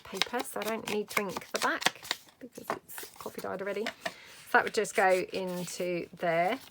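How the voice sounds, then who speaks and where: Middle-aged woman, gravelly, easygoing crafting chatter. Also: mid-range voice, moderate pace, noisy background. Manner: chatty, thinks aloud while working. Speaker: craft vlogger. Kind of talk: casual crafting tutorial chat.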